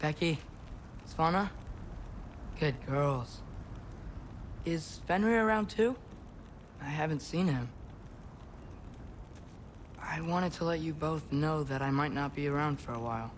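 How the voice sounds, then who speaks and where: A man's voice: a little high, slow, long pauses, a little hiss or hum. An actor playing an earnest, determined teenage boy, the hero's son, in a video game. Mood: tender. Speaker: lead character. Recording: game audio with loud music.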